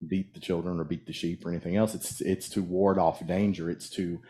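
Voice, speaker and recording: A man with a lowish voice preaches a casual sermon from the pulpit. He talks loosely and haltingly, restarting phrases and asking the congregation questions as he goes. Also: level tone, mellow. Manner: conversational, halting with restarts, asks the audience questions. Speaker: minister. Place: church sanctuary.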